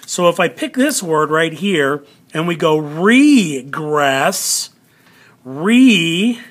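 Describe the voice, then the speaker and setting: Slow, patient male teacher. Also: fairly high pitch, lively intonation. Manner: slow, patient, repeats words for emphasis. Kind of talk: classroom lesson video.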